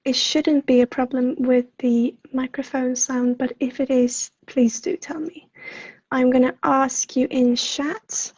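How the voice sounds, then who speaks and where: A woman with a Swedish accent, a psychic counselor chatting on a livestream in a soft, apologetic, halting way with many fillers. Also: high-pitched, little pitch movement, slightly rough, no room sound. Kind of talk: casual livestream chat. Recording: dull lo-fi livestream audio.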